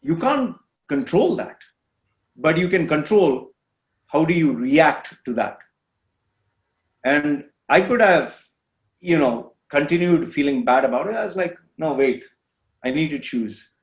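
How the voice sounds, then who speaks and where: Male guest from India, earnest and emphatic storyteller, slightly high voice, roomy echo. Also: big pitch swings, unhurried, long pauses. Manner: earnest, repetitive, emphatic phrasing. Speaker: podcast guest. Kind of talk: candid personal storytelling. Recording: echoey room.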